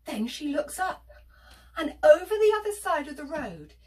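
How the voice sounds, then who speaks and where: A woman telling an interactive children's story, animated and sing-song, with whispers and gasps for effect. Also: high voice, moderate pace, distant mic.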